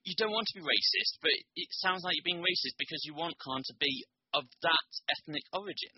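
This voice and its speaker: A man on a casual podcast chat, ranting in an animated way. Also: on the high side, fairly quick, slightly rough, no room sound. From England. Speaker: podcast co-host. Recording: dull lo-fi sound.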